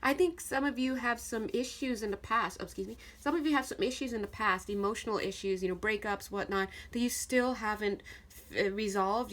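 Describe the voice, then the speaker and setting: A woman giving a casual tarot reading, talking straight to the viewer in a chatty, animated way and laughing often. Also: mid-range voice. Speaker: tarot card reader.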